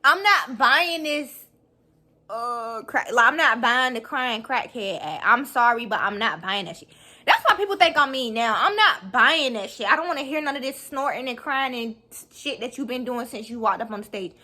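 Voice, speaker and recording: A woman's voice: a little high, expressive, moderate pace, pushed and bright. A woman reacting to a talk show clip on her vlog, heated and profane, breaking into laughter. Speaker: YouTube reaction vlogger. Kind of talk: casual reaction commentary.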